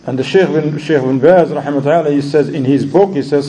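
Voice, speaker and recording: A man's voice: a little high, a little fast, few pauses, warm tone, low-quality recording. A man teaching a religious lesson, telling stories and asking his audience questions, often repeating words as he searches for them. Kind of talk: lecture with storytelling.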